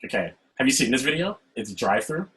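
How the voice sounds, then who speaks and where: A man hosting a casual talk over a video call, speaking in an animated way and often checking in with "right?". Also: medium pitch, quick pace, low-quality recording. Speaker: host. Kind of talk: casual chat.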